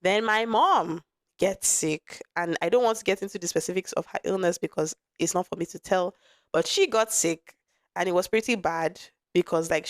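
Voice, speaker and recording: A woman's voice: fairly low pitch, no echo, studio quality. A young woman hosting a podcast, telling a personal story in a frank, conversational way, with restarts and asides, her voice touched by a lingering cough. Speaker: podcast host.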